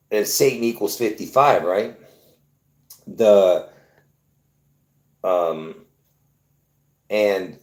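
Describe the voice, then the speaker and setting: He has a low, darkish voice recorded in an echoey room. As a video host explaining something to his viewers, he rambles, repeats, restarts, and uses lots of fillers to insist on his point.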